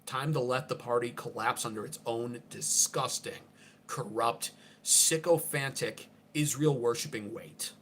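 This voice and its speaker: A man's voice: medium pitch, a little slow, fairly bright tone, slight background noise. A man under forty, hosting an unscripted political livestream in an abrasive, profane, ranting way.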